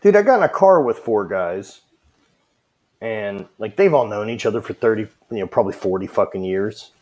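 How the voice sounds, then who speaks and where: Low-voiced man from southwest Louisiana. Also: normal speed. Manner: relaxed, swears a lot. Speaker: podcast host. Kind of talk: casual chat.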